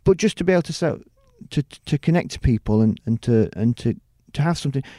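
A fast-talking middle-aged man from the UK, a TV presenter and producer, speaks with lively intonation in a dark, mid-range voice. Chatting casually in an interview, he rambles with numerous restarts and "you know"s, and the studio sound is clean with no echo.

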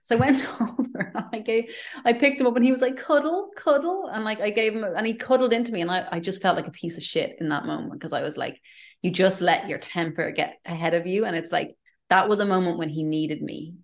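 A woman's voice: mid-range voice, quick pace, vocal fry. A woman, telling candid personal stories in a casual chat as co-host, with lots of fillers and restarts. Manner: candid, chatty storyteller with many fillers and restarts. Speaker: podcast co-host.

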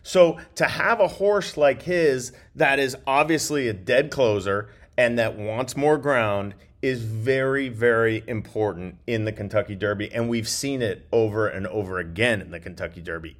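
A man's voice: lowish voice, measured pace, hardly any pauses. A man co-hosting a casual podcast, chatty, with a slight cough and many restarts. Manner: chatty, restarts and trailing phrases. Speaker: podcast co-host. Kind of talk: casual chat.

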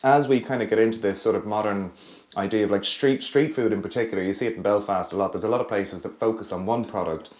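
Chatty chef, low voice. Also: male voice, quick pace, a little mellow. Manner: chatty, enthusiastic, explains with many fillers. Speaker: restaurant chef. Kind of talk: casual cooking chat. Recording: echoey room.

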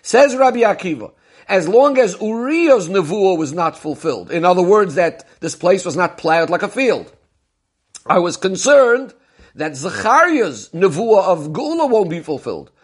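A man with a high voice teaches a Talmudic discourse. He poses questions and answers them methodically, retelling each story step by step. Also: very animated, normal speed, slightly rough. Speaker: Torah teacher.

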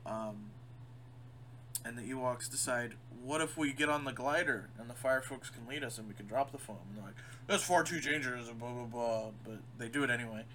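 Bright-voiced man recapping a cartoon. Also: medium pitch, a little hiss or hum, poor audio. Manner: swearing, recaps plot with quick mimicked quotes. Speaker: podcast co-host. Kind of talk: casual chat recapping a cartoon.

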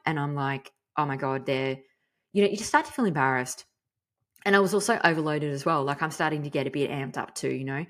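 A woman, a mother telling a story in a frank, chatty, animated way. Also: sits low. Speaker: podcast host. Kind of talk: casual storytelling monologue.

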